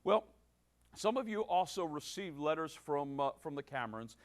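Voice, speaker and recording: Halting pastor preaching a sermon. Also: male voice, fairly high pitch, expressive. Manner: halting with many restarts, rising to emphatic preaching.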